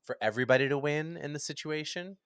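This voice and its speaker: A man in casual podcast chat, an animated storyteller who acts out what others said, recorded close in a studio. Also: a little high, quick pace, smooth, no echo.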